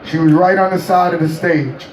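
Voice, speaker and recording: A man as an interview guest, telling a story in a casual, animated way, laughing and acting out quotes. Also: fairly high pitch, normal speed. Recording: roomy, distant mic, faint noise.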